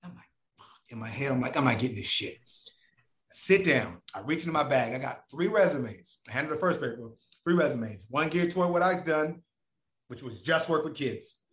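A man's voice: mid-range voice, moderate pace, echoey room. A man telling a long personal story in casual, profane talk, acting out the voices of the people in it. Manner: animated, profane, acts out voices of others.

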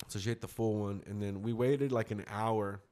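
A man's voice: fairly low pitch, steady tone, normal speed, darkish tone. A man telling a rambling, slangy story in a casual chat with friends. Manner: rambling, slangy, quotes others mid-story.

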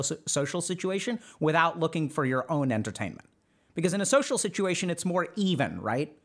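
This man's voice sits high with a fairly bright tone. He hosts a podcast and is a psychiatrist, offering casual advice to a live chat, acting out imagined inner voices and frequently asking "right?"

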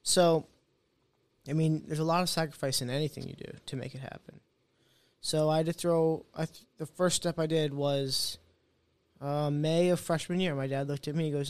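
Lively man telling his story. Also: a little high, normal speed, smooth, dry recording. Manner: animated, acts out quoted voices. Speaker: interview guest. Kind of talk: storytelling in a casual interview.

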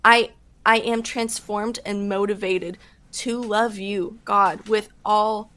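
A woman speaking as a podcast guest, giving earnest faith testimony in casual talk with quick bursts and fillers. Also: mid-range voice, fairly even intonation, a bit bright. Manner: earnest, fast-talking with fillers.

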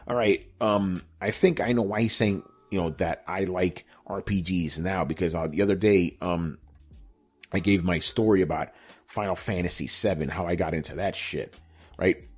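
A man's voice: deep voice, normal speed, breathy edge. A middle-aged man answering viewer questions in a laid-back, profane chat full of "you know" and "bro". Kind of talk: casual Q&A chat.

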